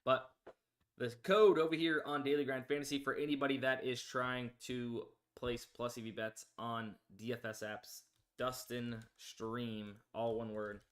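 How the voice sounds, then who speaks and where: A man's voice: mid-range voice, steady tone, a little slow, smooth. A man hosting a live sports betting stream, talking casually with lots of fillers while reading odds and plugging promo codes. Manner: rambling, filler-heavy, promo-pushing. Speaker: sports betting livestream host.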